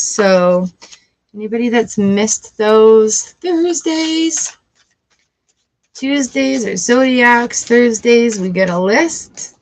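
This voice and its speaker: A woman giving a casual tarot reading, chatty and encouraging, with lively outbursts. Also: a little high, poor audio. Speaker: tarot reader.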